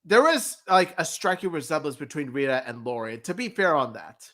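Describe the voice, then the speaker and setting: A man co-hosts a casual film review chat, wry and emphatic, with loud outbursts. His voice sits a little high and has a bright, sharp edge. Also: big pitch swings, brisk. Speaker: co-host.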